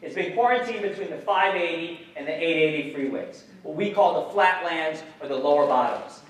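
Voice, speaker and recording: A man giving a public lecture as an educator, animated, questioning the audience and swearing casually. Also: on the high side, moderate pace, slight background noise. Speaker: guest speaker, educator. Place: lecture hall. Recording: echoey hall, mic some distance off.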